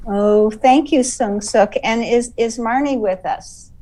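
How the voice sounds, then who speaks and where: A woman hosts an online award presentation, speaking slowly and warmly. She sounds friendly, now and then correcting herself. Her voice is picked up from a distance on a video call. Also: fairly high pitch. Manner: friendly, slightly apologetic, self-correcting. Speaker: exhibition host.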